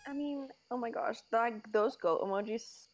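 A woman's voice: fairly high pitch, moderate pace, a little hiss or hum. A woman chatting playfully with a friend during a game stream, teasing and joking. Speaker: co-host friend. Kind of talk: casual chat.

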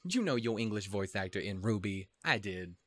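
A man's voice: lowish voice, lively intonation, fairly quick. A man hosting an anime reaction video, rambling casually in a profane, self-deprecating and easily flustered way.

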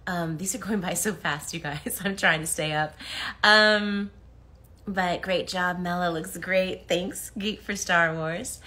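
A woman's voice: fairly low pitch, fairly even intonation, takes it slowly, sharp tone. A woman chatting casually on a livestream as she signs autographs, reading fan comments aloud and laughing often. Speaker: voice actress signing autographs on a livestream. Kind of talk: casual live chat while signing.

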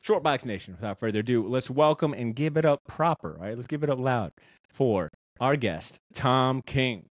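A man's voice: medium pitch, expressive, normal speed, no echo. A man hosting a comic book podcast in casual, joking, slangy banter. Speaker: podcast host.

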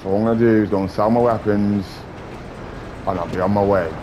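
A young man giving casual, excitable gameplay commentary, swearing and trash-talking other players. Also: fairly low pitch, brisk, lo-fi sound, background noise. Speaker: gaming YouTuber.

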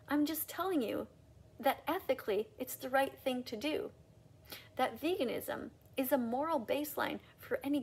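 A woman giving an emphatic, preachy ranting monologue to camera as a video creator. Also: slightly rough. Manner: emphatic and preachy, with sudden mocking pitch jumps.

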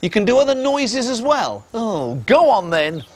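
A man presenting a children's TV show, talking to a puppet in an animated, exclaiming way. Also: extremely high pitch, a little slow, noisy background.

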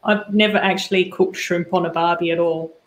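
A woman's voice: lowish voice, steady tone, a little fast, reverberant, slight background noise, poor audio. An Australian woman who is a guest on a casual livestream, easygoing and explaining local slang. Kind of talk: casual chat.

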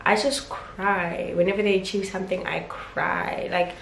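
A woman's voice: fairly low pitch, little pitch movement, measured pace, creaky, fairly bright tone. Gushing woman in a roomy space. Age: 20s. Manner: gushing, emotional and chatty. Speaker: vlogger. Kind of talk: casual vlog chat. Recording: roomy with faint background noise.

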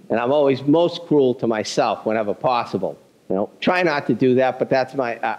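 In poor-quality audio, a male pastor with a slightly high voice preaches a conversational sermon. He tells a story with animated delivery and pokes fun at himself.

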